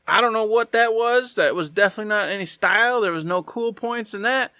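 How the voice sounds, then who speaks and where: A man's voice: high-pitched, fairly quick, bright, forceful tone, no room sound, clean studio sound. A man co-hosting a gaming podcast, chatting casually with playful, goofy asides. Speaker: podcast co-host.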